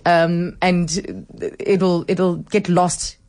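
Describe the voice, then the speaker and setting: A woman from South Africa interviewing stage actors, asking measured, probing questions. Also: on the low side, little pitch movement, a little mellow. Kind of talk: arts interview.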